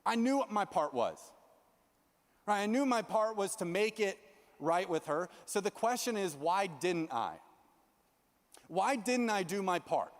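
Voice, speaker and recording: A young man giving a youth sermon as a story, animated and self-mocking as he acts out his own lines. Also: sits high, unhurried, long pauses. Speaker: youth pastor. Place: large church youth hall. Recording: long reverb of a large hall.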